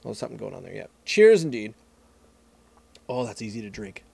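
Animated man chatting, rambling and restarting. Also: on the low side, a little fast, vocal fry, slightly rough, no room sound. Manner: animated, restarts and trails off mid-sentence. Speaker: podcast co-host. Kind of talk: casual chat.

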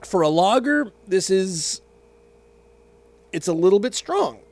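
A man's voice: high-pitched, big pitch swings, takes it slowly, gravelly, a little mellow. A man vlogging casually, telling a rambling story and tasting a beer, often correcting himself and going off on tangents.

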